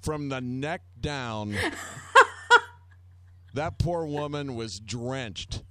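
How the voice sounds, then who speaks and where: A man's voice: medium pitch, very slow, dry recording. A man telling rambling, self-mocking anecdotes in casual chat, acting out the people he quotes.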